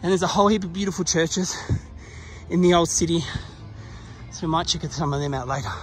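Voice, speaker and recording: A man with a fairly high voice talks through a casual travel vlog outdoors, recorded on a handheld camera. He is chatty, laughs often and exclaims as he goes, and he is out of breath from the climb. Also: a little fast. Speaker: travel vlogger. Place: outdoors at a hilltop pyramid site.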